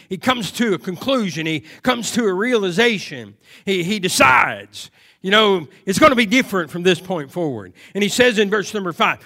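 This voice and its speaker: Bright-voiced preacher man rising to emphatic shouts. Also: high-pitched. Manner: builds from hushed to loud, emphatic preaching; repeats phrases for emphasis. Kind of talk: sermon.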